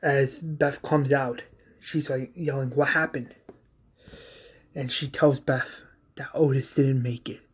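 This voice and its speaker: A man casually recapping an episode of a fan series, halting and repeating words as he goes. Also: medium pitch, fairly even intonation, breathy edge.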